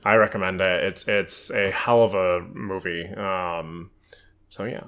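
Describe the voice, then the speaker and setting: A man co-hosting a podcast in casual chat, talking haltingly with many ums and restarts. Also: low voice, steady tone, a bit bright. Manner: filler-heavy, hesitant, with repeated restarts. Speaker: podcast co-host.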